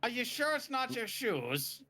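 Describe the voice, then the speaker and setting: A man's voice: very high voice, very animated, unhurried, bright, forceful tone. Jokey guy playing a tabletop game, faint music behind. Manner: joking, teasing. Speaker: player. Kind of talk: casual tabletop play.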